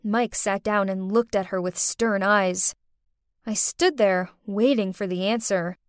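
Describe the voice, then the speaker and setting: A young woman narrating a first-person animated story in a dramatic, exclaiming manner. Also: mid-range voice, measured pace, clean tone, dry recording, clean studio sound. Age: young adult.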